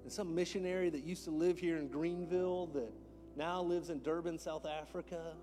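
A man preaching a sermon as a pastor in a church, moving between hushed whispers and loud, impassioned calls. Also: on the high side, fairly even intonation, moderate pace, faint music behind. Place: church sanctuary.

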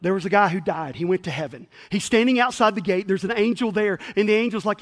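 A man pastor preaching a sermon in a fast, chatty, self-deprecating way with stammered restarts. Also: high-pitched, in a large hall.

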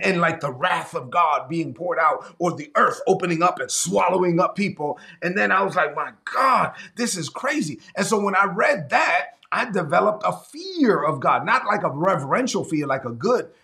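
High-pitched, gravelly preacher. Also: male voice, pushed and bright. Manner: earnest and confessional, repeats and restarts phrases. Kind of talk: sermon.

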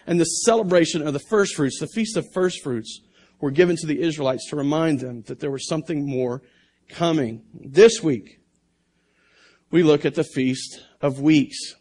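A man's voice: on the high side, normal speed, a little mellow. A man preaching a sermon on a church stage. He reads scripture aloud and then explains it in a conversational way, with repeated words and restarts. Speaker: pastor. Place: church stage under bright lights.

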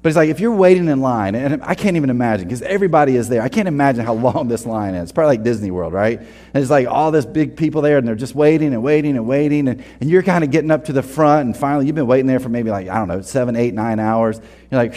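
Speaking quickly in an animated, medium-pitched voice with a dark tone, a pastor preaches a casual, earnest sermon in a big-room sound. He frequently restarts his sentences and acts out the quotes in this conversational talk.

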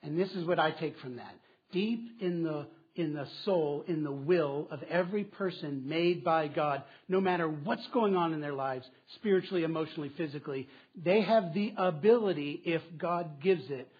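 Guy pastor preaching, kinda husky, slightly high voice, dull lo-fi sound. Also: a little mellow. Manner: questioning, conversational preaching with emphatic repeats. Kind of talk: sermon.

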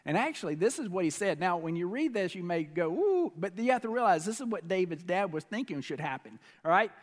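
A man preaching a sermon, telling a story with animated delivery and frequent questions to the congregation. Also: high-pitched, fast, big-room sound. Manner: animated storytelling, asks the audience questions, swings pace and volume.

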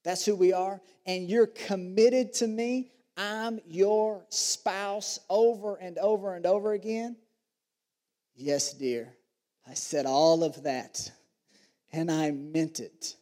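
A man's voice: high-pitched, fairly even intonation, slow, a little mellow, big-room sound. A man preaching a sermon, reading scripture aloud and joking with the congregation. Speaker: pastor.

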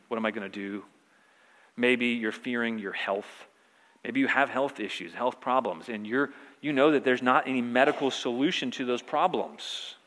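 Bright-voiced pastor preaching in a hall. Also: male voice, medium pitch. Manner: conversational preaching with repeated phrases. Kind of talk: sermon. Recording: reverberant hall.

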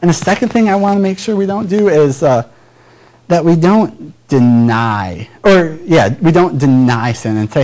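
A man with a Midwestern American accent delivers a sermon in a relaxed, conversational way. His pitch swings widely as he plays out small everyday exchanges between people. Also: unhurried, low-quality recording. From Michigan, US Midwest. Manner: conversational, lively, acts out little dialogues. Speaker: pastor.

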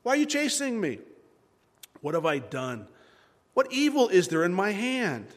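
A man's voice: sits high, sing-song, measured pace. Man playing a bold young challenger. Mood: confronting. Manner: direct, pleading challenge. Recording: long hall reverb.

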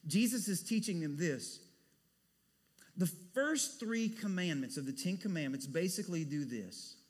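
A man preaching a sermon as pastor, animated, dropping to a hush and rising to loud bursts. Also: sits high, measured pace. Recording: long hall reverb.

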